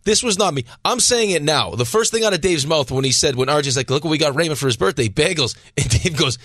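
Fast-talking radio cohost. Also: male voice, a little high, animated, fairly bright tone, dry recording, studio quality. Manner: quick, teasing, emphatic opinions. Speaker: radio sports talk cohost. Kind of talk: casual sports radio banter.

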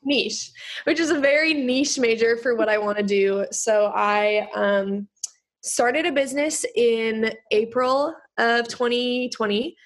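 A woman's voice: a little high, takes it slowly. A young woman in her late teens, a guest on a podcast, chatting in a bubbly way with many fillers. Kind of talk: casual interview chat.

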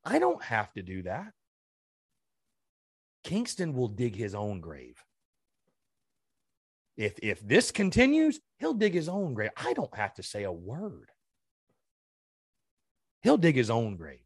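A male podcast host vents in a heated, furious rant, swearing and tripping over restarts as he jumps from sharp high outbursts down to low grumbles. His voice is very lively in pitch. The recording is close and dry, with no room sound. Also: slow pace, pauses often, slightly rough, dry recording. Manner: heated and ranting, swearing, with many stammered restarts. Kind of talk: sports fan rant.

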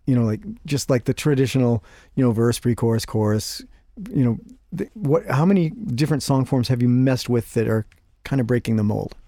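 A man's voice: medium pitch, a little fast, mellow, no echo, clean studio sound. A man hosting an interview, asking rambling questions full of fillers and restarts. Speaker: interview host. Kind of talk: casual interview talk.

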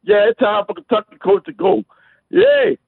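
Man calling in, high gravelly voice, rambling fan, phone line. Brief: excitable repetitive caller. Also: brisk, no echo. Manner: rambling, repeats words. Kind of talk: excited call-in banter. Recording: dry tinny phone line.

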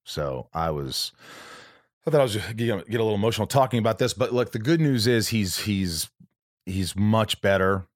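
Podcast host, male, very low voice, dry close sound, rambling and emotional. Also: no echo. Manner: emotional, rambling, does quick voices of friends. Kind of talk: casual chat.

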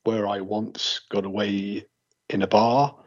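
Husky-voiced Englishman telling rambling stories. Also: lowish voice, level tone, takes it slowly. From England. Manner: chatty storyteller, jokey and rambling. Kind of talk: casual chat. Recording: muffled lo-fi recording.

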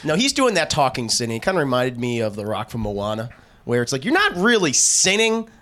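A man chatting casually about a movie, making quick joking remarks. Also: mid-range voice, very animated, a bit bright. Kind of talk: casual movie reaction chat.

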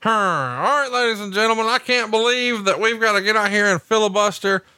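A man's voice: high voice, brisk, sharp tone, clear, resonant tone, no room sound. A man hosting a podcast, joking and teasing his co-host with crude humor. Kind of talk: casual podcast banter.

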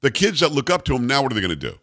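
A man's voice: medium pitch, wildly swooping pitch, racing, fairly bright tone. A middle-aged man hosting a talk show, delivering a blunt, emphatic, repetitive opinion monologue. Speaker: radio talk show host. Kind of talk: opinionated monologue on sports news.

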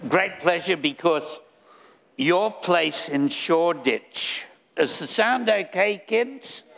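Older man, gravelly and unhurried. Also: high-pitched, lively intonation, a bit bright, long reverb tail. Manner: dry, wry humor. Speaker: author guest. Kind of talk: live event speech. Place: live venue stage.

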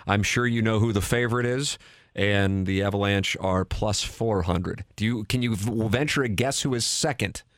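A man's voice: lowish voice, moderate pace, no echo. A man hosting a sports talk radio show in a studio, bantering upbeat and joking with a guest. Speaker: radio host.

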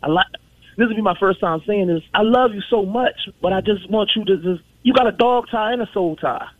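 A man calling in to a radio show, speaking haltingly and stammering as he confronts his girlfriend. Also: high voice, dry recording. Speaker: caller. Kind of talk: casual phone call. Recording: tinny phone line.

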